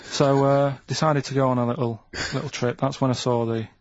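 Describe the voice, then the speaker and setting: A man's voice: mid-range voice, level tone, brisk, no echo. A man in casual chat, telling a rambling story with many fillers. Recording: dry lo-fi recording.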